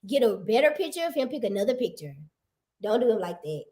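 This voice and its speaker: High, animated woman teasing the chat. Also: fast. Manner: animated, teasing, repeats herself emphatically. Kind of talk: casual chat.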